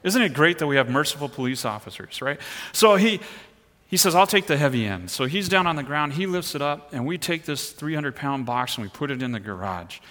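A middle-aged man preaching a sermon, telling a personal story in an animated way and pushing harder at the exciting moments. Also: medium pitch, fairly quick, hardly any pauses, long reverb tail. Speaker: pastor.

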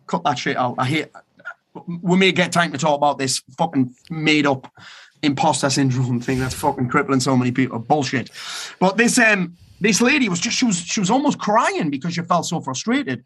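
A man's voice: fairly high pitch, animated, normal speed, fairly bright tone, husky. A man giving a blunt, profane motivational talk to an online summit. He repeats key phrases for emphasis. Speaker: motivational speaker.

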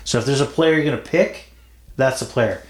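A man's voice: medium pitch, a little fast, roomy sound, slight background noise. A man hosting a casual sports betting podcast, playful and teasing, often repeating himself. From Toronto area, Canada. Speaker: podcast host.

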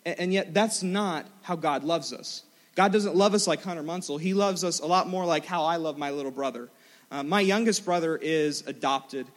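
Young male preacher, animated and self-mocking storyteller, fairly high voice, echoing hall. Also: moderate pace. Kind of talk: storytelling sermon. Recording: large hall with long reverb.

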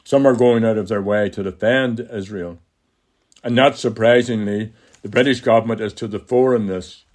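An older man with an Irish accent, reading his own political column aloud in a measured, deliberate way. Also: fairly low pitch, steady tone.

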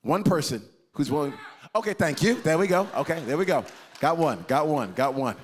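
A man preaching with a slightly high, bright-edged voice, swinging from playful asides to earnest calls. He works the room like a pastor in conversation with his congregation, teasing and joking between points. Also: fairly quick, slight background noise. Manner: animated, conversational preaching with jokes and crowd interaction. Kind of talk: sermon to a live and online congregation.

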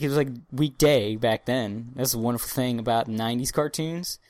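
Excitable, profane man in casual chat. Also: medium pitch, moderate pace, few pauses, no echo, studio quality. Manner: profane, excitable, mock-dramatic outbursts. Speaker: podcast co-host.

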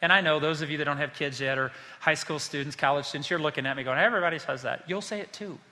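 A man's voice: on the high side, fast talker, pushed and bright, long reverb tail. A man preaching a sermon as pastor, speaking passionately and addressing the congregation directly.

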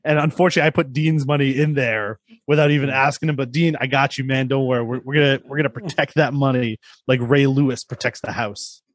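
Brief: male co-host, mid-pitched, excitable, dry close sound. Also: quick pace, few pauses, no room sound. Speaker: podcast co-host. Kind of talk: casual chat.

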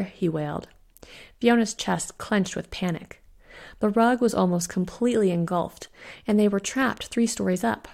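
A woman, the author, reading her own spooky short story aloud with steady narration. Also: mid-range voice, a little slow, creaky. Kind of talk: scripted narration.

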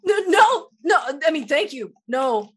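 A woman's voice: high-pitched, big pitch swings, a little slow. A woman playing a tabletop role-playing game, talking in a hesitant, rambling way with many fillers. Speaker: player. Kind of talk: in-character tabletop play.

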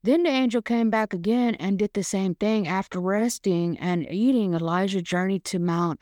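A woman's voice: mid-range voice, moderate pace, darkish tone, dry recording, clean studio sound. A woman hosting a podcast, talking frankly and casually through a devotional monologue with plenty of fillers. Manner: frank, chatty, swears casually, many fillers. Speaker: podcast host.

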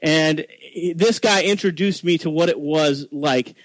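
A man's voice: fairly high pitch, measured pace, no echo, low-quality recording. A man in his forties from Texas with a Texan accent, giving an informal, chatty sermon full of self-deprecating asides and restarts. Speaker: guest preacher.

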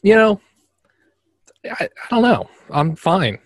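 A man's voice: sits high, very animated, slow, no echo, studio quality. A man co-hosting a comedy podcast, talking in an easygoing, offhand way. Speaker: co-host. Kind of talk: casual comedic banter.

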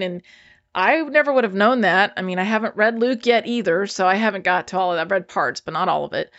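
A woman's voice: mid-range voice, a bit bright, muffled recording. A woman casually recapping a show episode, chatty and enthusiastic, acting out the characters' lines as she retells them.

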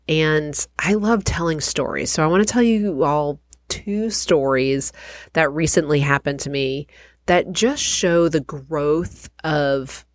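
A woman in her forties with a low, nasal voice, talking candidly to her podcast listeners. She tells stories in a chatty, self-reflective way. The sound is dry and close, with no room around it. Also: dry recording. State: nasal from a cold, getting over illness. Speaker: podcast host. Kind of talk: casual storytelling podcast.

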